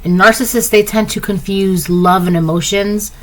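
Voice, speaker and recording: A woman giving a tarot reading in a loose, rambling way, stopping often to ask "right?" and filling her talk with "like". Her pitch sits in a middle range, and she speaks. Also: steady tone, moderate pace, fairly bright tone, rough recording. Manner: chatty, rambling, full of "like" and "right?"; acts out quoted lines in a higher voice. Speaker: tarot reader. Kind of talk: casual tarot reading monologue.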